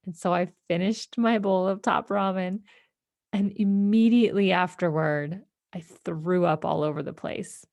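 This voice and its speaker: A woman hosting a podcast, telling a personal story in a reflective, halting way with many fillers and restarts. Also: lowish voice, darkish tone, no echo, clean studio sound. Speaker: podcast host.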